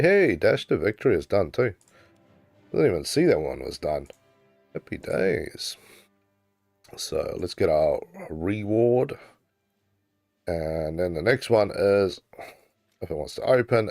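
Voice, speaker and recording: A man's voice: on the low side, darkish tone, dry recording. A man hosting a casual gaming livestream, chatting easily with his viewers and laughing often. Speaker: livestream host.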